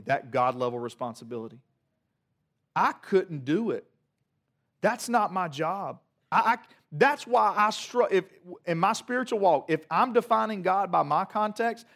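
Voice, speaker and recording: A man preaching a sermon to a congregation, moving from quiet reflective passages to loud emphatic peaks, with humorous asides. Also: sits high. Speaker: pastor.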